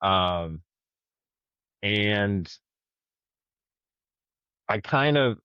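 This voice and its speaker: A man with a low voice co-hosts a podcast and talks candidly and reflectively about himself. The sound is dry and close, with a slightly dull, muffled recording quality. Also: animated, drawn-out words, clear, resonant tone, no room sound. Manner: open, reflective, speaks about personal struggles. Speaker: podcast co-host. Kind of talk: candid conversation.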